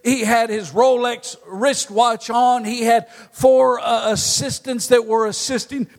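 A man's voice: extremely high pitch, fairly even intonation, measured pace. A married man preaching a sermon in a folksy storytelling way, telling personal stories between points. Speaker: pastor. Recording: long hall reverb.

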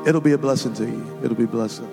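A man preaching a sermon to a congregation, building from plain talk into sung, shouted climaxes. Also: mid-range voice, fast talker, gravelly. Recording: music behind the voice.

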